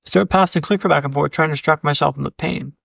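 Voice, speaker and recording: A man's voice: on the high side, fast, creaky, fairly bright tone, no room sound, studio quality. A man, a keynote speaker and podcast guest, telling a story with punchy repeated beats, often addressing the host by name and swearing casually. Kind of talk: dramatic storytelling.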